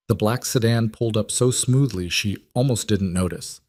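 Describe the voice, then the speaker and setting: A man narrating a scripted romance story in a steady, dramatic manner. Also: lowish voice, normal speed, few pauses, dry recording, studio quality.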